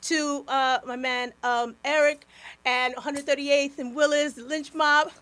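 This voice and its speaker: A woman's voice: sits high, steady tone, takes it slowly, a bit bright, no room sound. A woman singer from Brooklyn, a guest on a radio interview, emotional and effusive with street slang. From Brooklyn, New York. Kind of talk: casual on-air interview. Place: radio studio.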